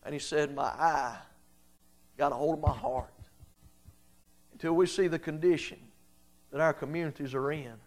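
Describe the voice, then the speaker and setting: A man preaching a revival sermon, swinging between quiet low pleading and loud, high-pitched exhortation in folksy plain speech. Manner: folksy Southern-style grammar, "ain't", "I seen".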